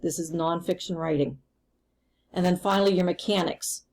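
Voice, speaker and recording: A woman's voice: lowish voice, steady tone, normal speed, a little mellow, low-quality recording. A woman teacher recording a remote lesson, explaining patiently and step by step.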